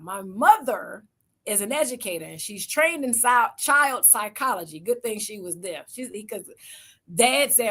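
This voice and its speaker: Higher-voiced woman giving a motivational talk. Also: very animated, normal speed, fairly bright tone, husky. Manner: storytelling, acting out quoted voices. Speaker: event speaker.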